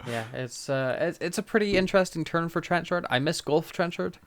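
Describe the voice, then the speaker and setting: A man's voice: fairly high pitch, fairly quick, noisy background. A man co-hosting a podcast, chatting casually with frequent laughs while recapping a TV episode. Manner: chatty, laughs often, many fillers. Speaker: podcast co-host.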